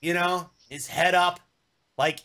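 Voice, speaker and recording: A man in his thirties spins a comic story on a casual podcast and jumps into the voices of everyone involved. His voice sits high and bright, and his pitch leaps all over the place. The sound is close and dry, with no room around it. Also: slow, no echo. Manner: animated, acts out voices in his anecdotes. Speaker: podcast co-host.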